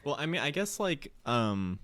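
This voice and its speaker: A woman's voice: extremely low pitch, sing-song, moderate pace. A woman guest on a podcast, talking casually and hesitantly with lots of fillers. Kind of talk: casual chat.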